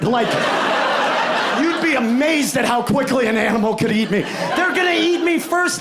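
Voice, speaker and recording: A man performs a stand-up set live, his voice sitting high and often jumping into shouts while he spins a story. Audience noise is clearly audible around him in the live recording. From United States. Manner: loud, animated storytelling with sudden shouts. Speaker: stand-up comedian. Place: live comedy venue with audience. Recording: live show with crowd noise.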